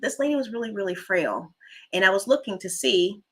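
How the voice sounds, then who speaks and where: A woman hosting a casual livestream chat. She rambles warmly through personal stories and stops to thank viewers for their comments. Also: mid-range voice, lively intonation, fairly quick, husky. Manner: chatty, rambling storyteller who reads out viewer comments. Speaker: livestream host.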